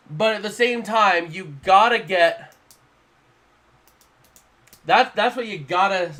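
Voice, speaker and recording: A man's voice: sits high, fairly bright tone. A man doing casual live play-by-play on a stream, rambling and repeating himself as he gives his opinions.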